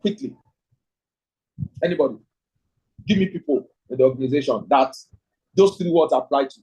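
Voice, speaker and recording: A man's voice: medium pitch, normal speed, dark tone, husky, low-quality recording. A man teaching an online leadership class, thinking aloud, ending points with "right?" and reading out participants' chat answers. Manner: thinking aloud, frequent "right?" tag questions. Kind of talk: online class lecture with audience questions.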